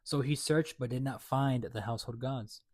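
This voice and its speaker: A man's voice: medium pitch, normal speed, a little mellow, no room sound. A man reading Bible verses aloud and then retelling them in loose, slangy everyday words, with many fillers and restarts. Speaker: host explaining a Bible chapter. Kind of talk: casual Bible reading with commentary.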